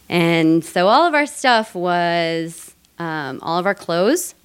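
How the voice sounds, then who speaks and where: Smooth-voiced woman telling a live story. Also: lowish voice, animated, very slow. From Colorado, USA. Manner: casual, chatty, laughing, frequent "like". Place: theater stage before a live audience.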